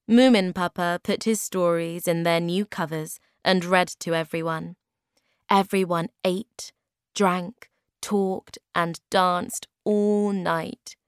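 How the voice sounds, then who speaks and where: A woman narrating a graded reader story in a clear, careful storytelling manner. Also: fairly low pitch, dry recording, studio quality.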